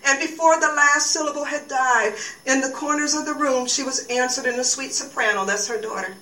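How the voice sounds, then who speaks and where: A woman who teaches at a university, giving a lecture and reading from a novel, with halting speech full of fillers and restarts. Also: sits high, bright, forceful tone. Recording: echoey room, far from the mic.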